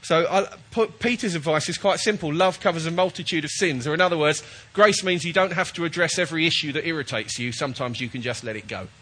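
Male preacher, has a cold, chatty and jokey, bright husky voice. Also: on the high side, quick pace, hardly any pauses. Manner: chatty, jokey, checks in with the audience. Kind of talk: sermon.

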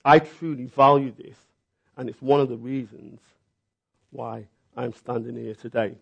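A man preaching a sermon, telling the story with lively, acted-out reactions. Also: medium pitch, a little slow, gravelly, breathy edge, lo-fi sound. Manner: animated storytelling, acting out reactions.

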